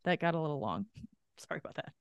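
Animated woman telling a story. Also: low voice, quick pace, smooth, dry recording, lo-fi sound. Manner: animated, swears freely, acts out quoted people. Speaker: podcast co-host. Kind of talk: casual chat, storytelling.

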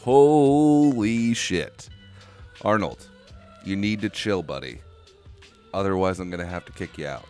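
A man's voice: sits low, fairly quick, faint music behind. A man hosting a casual solo podcast, ranting with exasperation, swearing and rambling into a microphone. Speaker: podcast host. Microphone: studio microphone.

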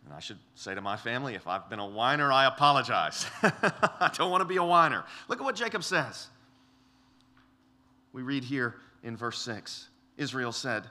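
A man's voice: medium pitch, sing-song, moderate pace, pushed and bright. A middle-aged man preaching a sermon, earnest and emphatic, often repeating words as he restarts and acting out quoted lines. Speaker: pastor.

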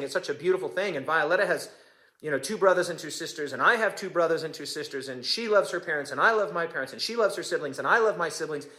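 A man's voice: a little high, a bit bright. A man in his forties preaching a sermon as pastor, impassioned and emphatic, repeating phrases for effect.

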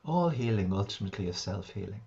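Man, interview guest, homeopath, reflective storytelling, lowish voice, dull lo-fi sound. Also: fast, vocal fry. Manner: calm, reflective, recounts sessions at length. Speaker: guest, homeopath and shamanic practitioner.

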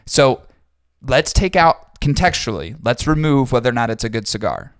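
Male podcast co-host, mid-pitched, casual and rambling, dry studio sound. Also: sing-song, normal speed, no room sound. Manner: rambling, thinks aloud with restarts and swearing. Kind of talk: casual chat.

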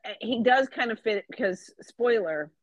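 A woman's voice: on the high side, measured pace, dry recording. Young woman chatting thru a book plot, um-ing a lot, kinda dull lo-fi dry mic. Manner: relaxed, recaps a plot with fillers. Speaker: book podcast co-host. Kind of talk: casual chat. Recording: slightly dull, lo-fi sound.

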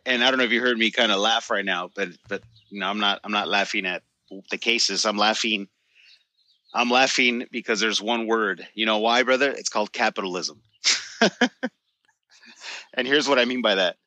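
Bright-voiced man making his point. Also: on the low side, fairly quick, dry recording. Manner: emphatic, explaining with conviction. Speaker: podcast co-host. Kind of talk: casual chat.

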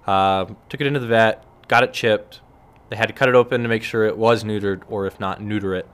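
A man's voice: on the low side, fairly quick, clean tone. A man hosting a casual solo podcast, telling stories in a rambling, wry way and acting out what other people said. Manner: rambling, wry storytelling with lively acted-out quotes. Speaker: podcast host. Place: relaxed evening setting with a cigar and beer.

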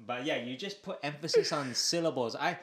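A man's voice: a little high, expressive, fairly quick, a crowd in the background. Laid-back man with a Hawaiian Pidgin accent. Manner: laughing, playful, demonstrating pronunciations. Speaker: podcast co-host. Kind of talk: casual chat.

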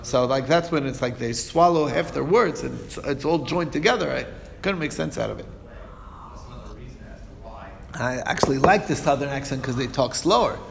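A man teaching an informal Talmud lesson, talking in a halting way with many fillers and restarts. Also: medium pitch, gravelly, big-room sound.

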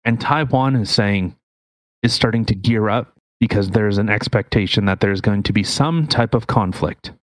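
A man's voice: lowish voice, normal speed, dry recording. Opinionated man, dry sound. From Canada. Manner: explanatory, opinionated, talks through news articles. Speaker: podcast co-host. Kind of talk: casual podcast chat.

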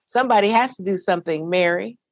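Calm pastor, as a woman quotes him. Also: mid-range voice, quick pace, no echo, natural voice. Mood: soothing. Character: calm reassuring male pastor.

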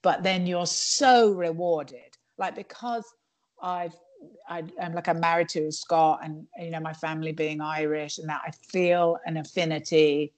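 A woman's voice: low voice, level tone, moderate pace. A woman stand-up comedian chatting in an interview, digressive and full of restarts. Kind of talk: casual interview chat.

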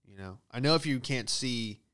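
A man's voice: medium pitch, expressive, normal speed, fairly bright tone, clear, resonant tone. A man doing a casual, profane comedic monologue, riffing with exaggerated bits about everyday hassles. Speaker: comedian host.

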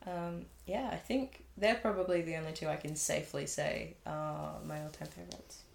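A young woman with a somewhat low voice chats casually about her films. She rambles warmly in loose half-sentences and laughs easily. The recording has a roomy, echoing sound. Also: moderate pace, vocal fry. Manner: chatty, laughs easily, trails off mid-thought. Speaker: filmmaker. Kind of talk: casual chat. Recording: roomy echo.

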